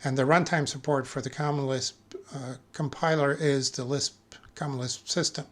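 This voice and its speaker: Man giving a measured technical lecture. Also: mid-range voice, steady tone. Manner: measured, with frequent filler pauses and self-corrections. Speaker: conference speaker.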